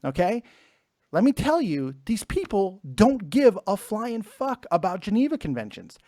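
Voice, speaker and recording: A man hosting a casual podcast, ranting with lots of swearing in an animated way. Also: high voice, a little slow, dry recording, clean studio sound. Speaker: podcast host. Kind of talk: casual chat.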